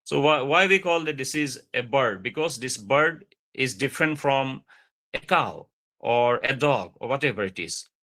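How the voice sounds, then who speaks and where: A man lecturing over a video call, explaining slowly with many fillers and repeated points. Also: medium pitch, lively intonation, sharp tone.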